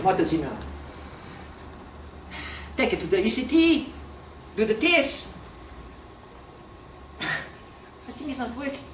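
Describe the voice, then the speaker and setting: A woman from Africa, giving a passionate public talk, emphatic and quick to laugh. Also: medium pitch, slight background noise. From South Africa. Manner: animated, emphatic, laughs often. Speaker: speaker at a talk. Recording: echoey room, distant mic, faint ambience.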